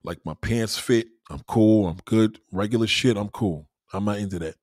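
A man's voice: on the low side, normal speed, darkish tone, no echo, clean studio sound. A man delivering a profane, emphatic ranting monologue full of rhetorical questions, talking to a livestream audience.

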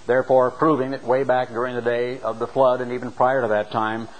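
A man preaching a sermon, reading scripture and explaining it with an emphatic, dramatic delivery that slows down for the readings. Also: level tone, rough recording. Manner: emphatic, dramatic delivery with sharp swings in pitch and loudness; slows down to read scripture aloud.

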